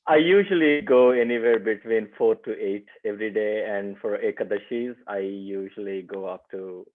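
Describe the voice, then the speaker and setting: A man taking part in an online class, speaking hesitantly with many pauses over a call. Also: on the low side. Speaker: class participant. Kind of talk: casual sharing. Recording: tinny dry phone-line audio.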